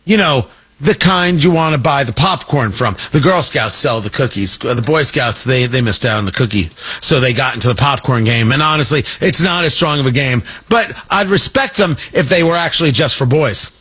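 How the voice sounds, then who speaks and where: A man hosting a talk radio show, giving an emphatic, mocking political commentary monologue with drawn-out stresses. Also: mid-range voice, lively intonation, sharp tone, husky.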